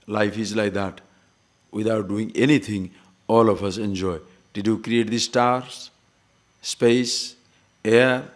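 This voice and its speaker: A man giving a scripture lecture as a spiritual teacher, asking rhetorical questions and repeating words for emphasis. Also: on the low side.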